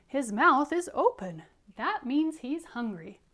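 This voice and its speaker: A woman voicing a kindly male father bird in a picture-book read-aloud, speaking earnestly and a little louder than her narration. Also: sits high, big pitch swings, takes it slowly, voice pushed up, heavily acted.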